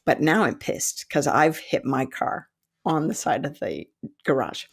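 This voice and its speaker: A woman in her fifties, a psychic development teacher, telling a story in an animated, self-mocking way and laughing often. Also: deep voice, a little slow, gravelly, husky. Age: 50s. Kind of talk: storytelling monologue.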